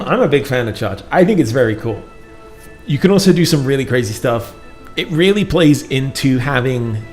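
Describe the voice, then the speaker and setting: Chatty British man streaming a game. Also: mid-range voice. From United Kingdom. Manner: chatty and joking, self-deprecating asides. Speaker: community manager and stream host. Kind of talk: casual gameplay livestream commentary. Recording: roomy sound with faint music.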